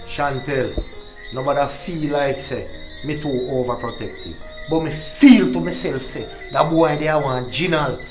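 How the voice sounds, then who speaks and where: A man's voice: fairly high pitch, a little slow, lightly acted. An actor with a Jamaican accent playing a stern, protective Rastafarian father who lectures insistently. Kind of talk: film drama dialogue in patois. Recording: echoey room with music behind.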